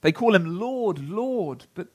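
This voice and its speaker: A man's voice: high voice, expressive, a little mellow. Man preaching an earnest sermon. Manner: earnest storytelling, slowing for scripture. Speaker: pastor.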